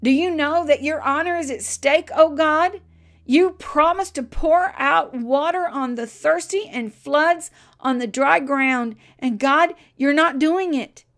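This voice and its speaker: A preacher voicing an older blacksmith who cries out to God in a loud, pleading, high-pitched prayer. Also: male voice, fairly even intonation, measured pace, gravelly. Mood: pleading fiercely. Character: fervent old male blacksmith crying out in prayer.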